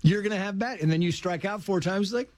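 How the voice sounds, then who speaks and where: A middle-aged man tells personal stories as a guest, his pitch leaping as he acts out the people he quotes. The sound is dry and close. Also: fairly quick, no echo. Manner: animated, acts out quoted voices with big pitch jumps. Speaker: guest author. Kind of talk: storytelling in casual conversation.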